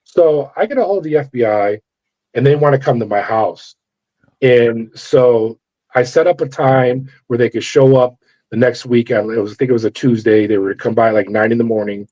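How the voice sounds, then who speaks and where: A man's voice: medium pitch, normal speed, warm tone. A middle-aged man from California, a former corrections officer, telling his story in an interview and acting out the voices of the people in it. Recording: dull lo-fi audio.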